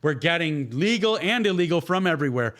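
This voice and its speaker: Brief: male podcast host, fairly high voice, blunt, profane, sarcastic delivery. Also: expressive, a little fast, a bit bright. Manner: blunt, heavy swearing, sarcastic. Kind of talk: solo podcast rant.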